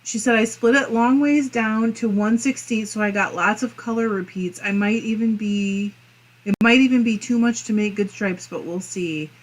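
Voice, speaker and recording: A woman's voice: mid-range voice, normal speed. A woman hosting a casual crafting livestream, reading viewer comments aloud and giggling often between them. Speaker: fiber arts channel host.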